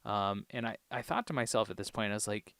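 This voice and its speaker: A man co-hosting a podcast, casually recapping TV episodes in a relaxed, rambling way with plenty of ums and uhs. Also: lowish voice, fast talker, clear, resonant tone, no echo, clean studio sound. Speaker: podcast co-host.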